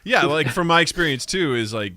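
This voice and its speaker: A male podcast host with a higher, bright voice that swings up and down as he tells his stories. He acts out the other people's lines in his own stories. The sound is close and dry. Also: a little fast, no room sound. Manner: animated storytelling that acts out dialogue. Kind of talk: casual podcast chat.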